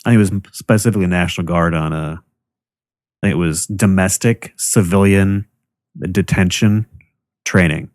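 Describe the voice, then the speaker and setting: Man, very deep voice, thoughtful measured podcast talk, dry sound. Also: fairly even intonation, a little mellow, dry recording. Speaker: podcast co-host. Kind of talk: casual chat.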